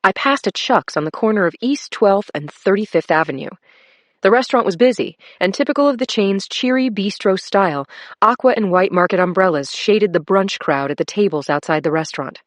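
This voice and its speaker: A woman narrating a crime thriller audiobook in first person, steady and measured. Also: medium pitch, no room sound.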